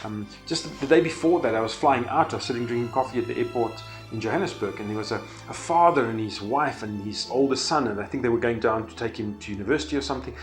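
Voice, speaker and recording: A man speaks earnestly in a relaxed, conversational way, sharing a personal story as a devotional reflection. His voice sits at an ordinary middle pitch, with soft music playing faintly underneath. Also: quick pace, hardly any pauses. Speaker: faith-based speaker.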